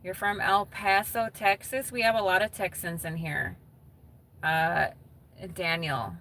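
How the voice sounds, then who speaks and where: A woman's voice: lowish voice, a little slow, pushed and bright, a little hiss or hum. A woman chatting casually with viewers on a live stream, reading their comments aloud and laughing often.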